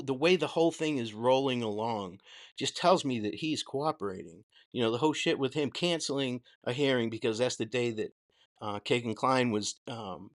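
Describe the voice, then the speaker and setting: A man from Boston with a Boston accent, hosting a live stream and giving blunt, profane opinions while reading viewer questions. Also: mid-range voice. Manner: answers chat questions. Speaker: host. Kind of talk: casual live-stream commentary.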